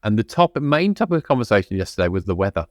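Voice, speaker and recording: A man's voice: lowish voice, sing-song, fast, no echo, studio quality. A man co-hosting a podcast in casual chat, talking loosely with frequent ums, restarts and laughter. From United Kingdom. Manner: chatty, laughing often, many restarts and ums. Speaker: podcast co-host.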